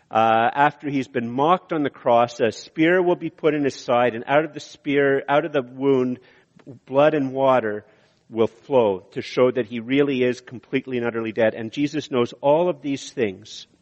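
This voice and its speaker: An earnest pastor in his sixties preaches, building his points through repetition with frequent pauses. His voice sits at a middle pitch and carries a long reverb from a church hall. The sound is slightly dull. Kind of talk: sermon.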